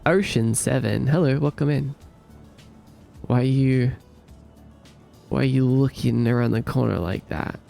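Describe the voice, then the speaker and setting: Sleepy, gravelly-voiced male streamer. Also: mid-range voice, unhurried, pauses often, faint music behind. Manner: relaxed, rambling, thinks aloud, hums to himself. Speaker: streamer coding a game. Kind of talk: casual live-stream chat while coding.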